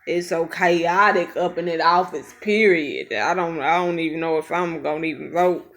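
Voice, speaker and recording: A woman with a fairly low voice reacting to a clip. She thinks aloud in an unhurried, casual way, circling back on her points. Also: a little hiss or hum. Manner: musing, thinking aloud, relaxed. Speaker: reaction video host.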